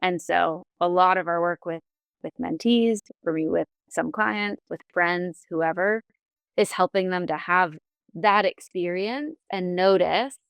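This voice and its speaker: Female therapist guest, lower voice, gentle and reflective, dry studio sound. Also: measured pace, creaky, smooth, dry recording. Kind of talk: casual podcast conversation.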